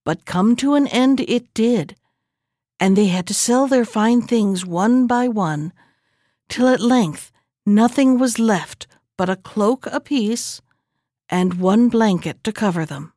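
A woman narrating an old fairy tale at a steady, even storytelling pace. Her voice sits somewhat high, and the recording is dry and close with no room sound. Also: slow pace, no echo. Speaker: reader.

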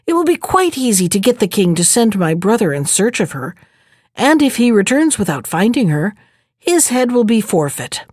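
A woman's voice: medium pitch, very animated, normal speed, darkish tone, no room sound, studio quality. A woman voicing a spiteful, envious young male courtier who talks slyly and wheedles. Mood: scheming. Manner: sly, wheedling, feigning fear.

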